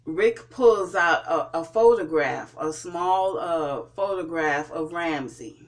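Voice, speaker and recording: A TV show reviewer talks through an episode recap at a very slow, unhurried pace. The telling is halting, full of fillers and restarts. The voice sits at an ordinary middle pitch. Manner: hesitant, with frequent fillers and restarts.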